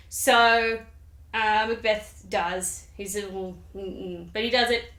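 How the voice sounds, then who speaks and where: A woman's voice: medium pitch, steady tone, slow pace, fairly bright tone, reverberant. A woman hosting her own channel, giving a chatty, irreverent, slangy summary of a play. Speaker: channel host. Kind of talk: casual comic literature summary.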